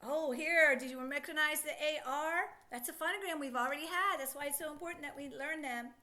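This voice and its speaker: A woman teaching a phonics lesson to children, sounding out words slowly and asking lots of encouraging questions. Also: high voice, pushed and bright. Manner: encouraging, asks many questions.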